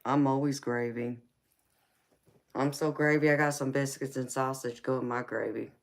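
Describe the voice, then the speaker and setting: A woman's voice: a bass voice, fairly even intonation, gravelly. A woman with a Georgia Southern accent who hosts a late-night live tarot stream, chatting easily with viewers, calling them honey and baby and laughing often. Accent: Southern American (Georgia). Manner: laid-back, slow drawl, laughs often, calls viewers honey and baby. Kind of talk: casual live-chat reading out viewer comments.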